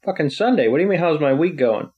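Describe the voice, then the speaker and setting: A man's voice: on the high side, expressive, fast talker. A man co-hosting a podcast in casual chat, with a dry, sarcastic way of talking. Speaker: podcast co-host. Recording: dull lo-fi sound.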